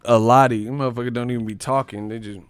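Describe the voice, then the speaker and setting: A man from the Bay Area hosting a sports live stream, ranting in a profane, animated, comedic way and laughing often. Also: mid-range voice, quick pace, clean tone, faint music behind. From San Francisco Bay Area.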